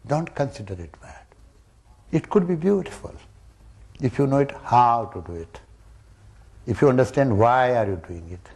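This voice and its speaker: A man giving a spiritual discourse to students, emphatic and full of rhetorical questions, jumping from loud rises to soft drops. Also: medium pitch, very animated, a little slow, long pauses, breathy edge. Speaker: spiritual teacher.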